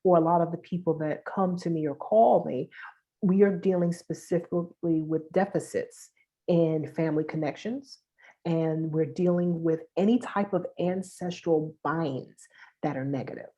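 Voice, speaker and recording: A woman's voice: on the low side, fairly even intonation, normal speed, dark tone, muffled recording. A woman with a Brooklyn accent, a guest spiritual worker, chatting casually and laughing easily on a video call. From New York.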